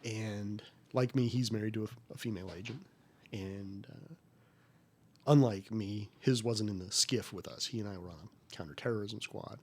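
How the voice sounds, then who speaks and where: Husky-voiced former agent in his forties. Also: fairly low pitch, normal speed. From United States. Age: 40s. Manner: folksy and emphatic, rising to animated retellings. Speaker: former federal agent, podcast guest. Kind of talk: conversational interview storytelling.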